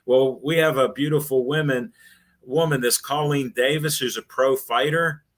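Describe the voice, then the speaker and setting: A man's voice: medium pitch, steady tone, moderate pace. An older man, a former sports radio host, telling rambling anecdotes in an interview and acting out the voices of the people he quotes. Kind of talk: storytelling in a casual interview.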